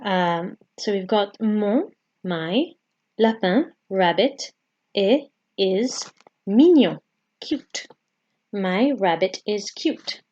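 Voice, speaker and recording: A woman's voice: mid-range voice, animated, darkish tone, muffled recording. Patient woman teaching a language lesson. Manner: patient, repeats phrases slowly with fillers. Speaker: French teacher. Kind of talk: home-learning language lesson.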